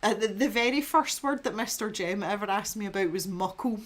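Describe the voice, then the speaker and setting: A Scottish woman with a light, mild accent hosts a relaxed art livestream. She chats in a rambling, easygoing way, reads viewer comments aloud and laughs often. Her pitch sits in a middle range for a woman. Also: brisk. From Scotland. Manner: chatty and rambling, laughs often, frequent restarts. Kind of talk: casual chat, reading viewer comments aloud.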